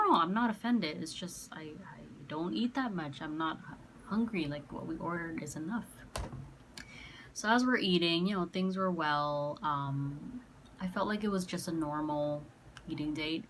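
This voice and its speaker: A woman's voice: sits low, fairly bright tone, a little hiss or hum. A young woman vlogger casually telling a dating story, chatty and full of "like" and "um", acting out both sides of the conversation. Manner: chatty, quotes herself and others, many fillers like "like" and "um".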